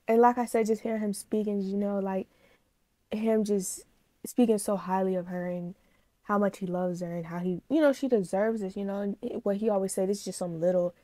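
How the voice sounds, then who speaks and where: A woman vlogger talks straight to her viewers in a casual reaction video. She is animated and gushing, and she calls them y'all. Her voice sits at an ordinary middle pitch, recorded dry and close with no room sound. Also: no echo. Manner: emotional, gushing.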